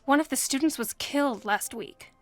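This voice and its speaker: A woman's voice: high-pitched, moderate pace, no echo, soft background music, natural voice. An actress playing a chatty, bossy teenage girl school monitor who talks in a breezy, gossipy way in a video game.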